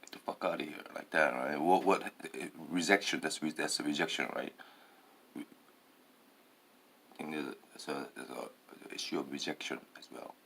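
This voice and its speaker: A man's voice: a bass voice, moderate pace, vocal fry, fairly bright tone, a little hiss or hum. A man talking in a rambling, hesitant monologue, full of fillers and tag questions.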